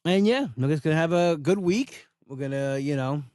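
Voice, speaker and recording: A man's voice: on the high side, expressive, moderate pace, darkish tone, clean tone, no echo, clean studio sound. A man hosting a solo podcast, ranting in a blunt, casual way and swearing freely. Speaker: podcast host.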